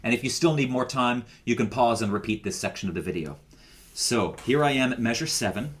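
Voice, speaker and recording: A man's voice: mid-range voice, lively intonation, fairly quick. A man recording a choir rehearsal lesson as its director, explaining each step patiently.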